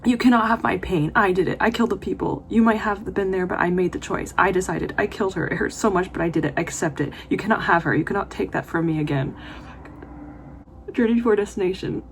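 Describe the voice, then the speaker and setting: A woman's voice: on the low side, quick pace, slight background noise. A woman book vlogger reading passages aloud in a casual vlog, reacting emotionally with gushing comments. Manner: emotional, gushing reactions with laughs and whispered asides.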